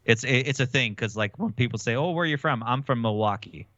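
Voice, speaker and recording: A man with a Wisconsin accent trades teasing, laugh-filled banter on a podcast. His voice is bright and forceful. The mic sounds dull and dry, with no room echo. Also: medium pitch, fast talker. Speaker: podcast co-host. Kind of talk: casual podcast chat.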